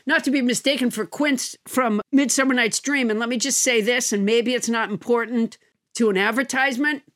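A woman's voice: a little high, a little fast, a bit bright. A woman from Massachusetts, chatting casually as a guest and telling amused stories. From Massachusetts, USA. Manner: anecdotal storyteller, amused, chatty. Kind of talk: casual chat.

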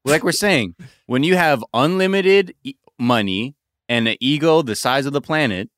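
A man hosts a podcast in casual chat, riffing sarcastically with plenty of swearing. His voice sits in an ordinary middle pitch. The sound is close and dry, with no room around it. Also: normal speed, dry recording. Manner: animated, profane, sarcastic riffing. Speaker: podcast host.

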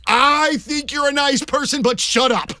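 A man co-hosting a sports podcast, telling stories in a rambling, animated way with many restarts. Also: extremely high pitch, measured pace, dry recording. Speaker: podcast co-host. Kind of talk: casual sports chat.

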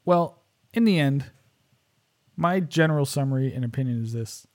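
A man's voice: medium pitch, animated, moderate pace. A man co-hosting a podcast in casual chat, joking and laughing often. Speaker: podcast co-host.

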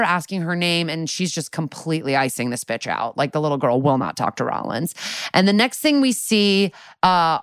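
A woman's voice: sits low, dry recording. A young woman co-hosting a podcast, recapping a TV episode in a chatty, sarcastic way with lots of filler words and swearing. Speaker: podcast co-host.

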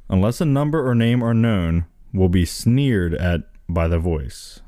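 A man's voice: on the low side, lively intonation, slow, hardly any pauses, mellow, dry recording, studio quality. A man co-hosting a casual chat, reading a text aloud and riffing on it, often breaking into laughter. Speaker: co-host reading an entry aloud.

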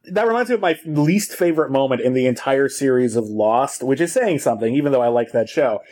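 A man co-hosting a casual chat about a TV show, animated, quick, repeating words as he gets going. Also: medium pitch. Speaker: podcast co-host.

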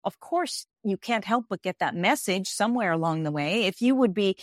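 A woman's voice: mid-range voice, animated, moderate pace, hardly any pauses, no room sound. Brief: woman coach guest, insistent and repetitive, close dry voice. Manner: emphatic, repeats key phrases, restarts often. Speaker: executive life coach and author. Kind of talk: interview guest explaining ideas.

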